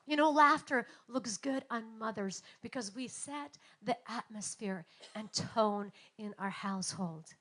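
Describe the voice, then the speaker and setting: A woman in her thirties preaching a sermon, telling stories and acting out quotes with big swings in loudness. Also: fairly high pitch. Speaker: pastor.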